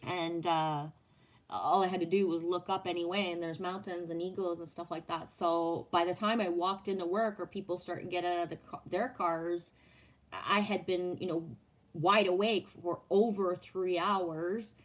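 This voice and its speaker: A woman's voice: fairly low pitch, steady tone, moderate pace. A middle-aged woman chatting casually on a livestream, rambling, swearing freely and trailing off mid-thought. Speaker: livestreamer reading chat.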